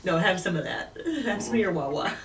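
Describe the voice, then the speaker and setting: A comedian guest bantering casually with the host and throwing in quick jokes. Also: male voice, high voice. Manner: wisecracking, quick asides. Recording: echoey room, distant mic, faint noise.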